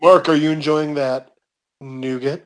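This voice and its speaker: A man's voice: a little high, steady tone, a little slow. A man on a comedy podcast, teasing his co-hosts and questioning the story, laughing easily. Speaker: podcast co-host. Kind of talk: casual comedic banter.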